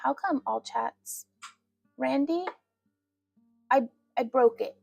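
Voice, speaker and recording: A woman's voice: fairly high pitch, steady tone, unhurried, vocal fry, a little mellow, slightly rough, no echo, faint music behind. A woman hosting a casual livestream, chatty and giggly, often laughing at herself. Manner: giggly, chatty, self-deprecating. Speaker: livestream host.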